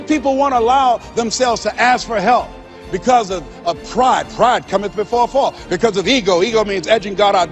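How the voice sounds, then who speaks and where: A man's voice: high-pitched, moderate pace, lo-fi sound. A man giving a motivational speech to an audience, emphatic and preacherly, with rhythmic repetition. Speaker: motivational speaker. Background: faint background music.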